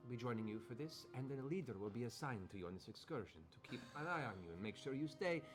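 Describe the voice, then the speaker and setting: A man narrating as game master of a tabletop game, relaxed and halting, with many fillers. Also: medium pitch, over music.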